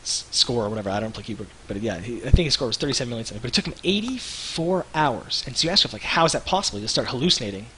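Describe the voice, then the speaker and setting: A man in his thirties, co-hosting a livestream, telling rambling animated stories with lots of restarts. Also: medium pitch, very fast, hardly any pauses, a little hiss or hum, low-quality recording. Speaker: web show co-host. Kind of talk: casual livestream chat.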